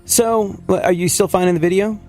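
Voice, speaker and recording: A man hosting a radio show who grew up in England, chatting in an animated, rambling way and laughing often. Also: sits high, brisk, soft background music. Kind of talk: casual radio banter. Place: radio studio.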